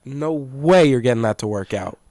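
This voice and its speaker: A man's voice: mid-range voice, expressive, normal speed, mellow, dry recording, studio quality. Chatty man leading a sports podcast. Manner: chatty, leads segments, laughs often. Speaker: podcast co-host. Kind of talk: casual sports chat.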